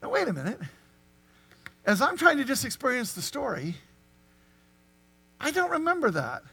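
Animated high-voiced male preacher. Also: normal speed, creaky, slightly rough. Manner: animated, rhetorical questions to the congregation. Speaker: pastor. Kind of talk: sermon.

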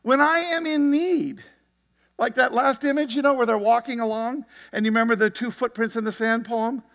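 Male pastor, conversational sermon delivery, high voice, long reverb. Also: steady tone, normal speed, fairly bright tone. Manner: conversational preaching with frequent "right?" and "you see it?".

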